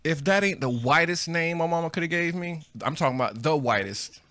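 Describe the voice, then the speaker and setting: A man's voice: on the high side, animated, a little fast, pushed and bright. A young man co-hosting a podcast, laid-back and articulate, chatting casually and swearing freely. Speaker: podcast co-host.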